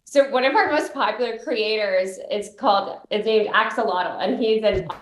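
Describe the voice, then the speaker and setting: A woman founder talks fluently and brightly about her product as a guest on a radio show. Her voice comes through a roomy, echoey line. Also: mid-range voice, moderate pace. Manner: fluent, upbeat explaining. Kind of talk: radio interview.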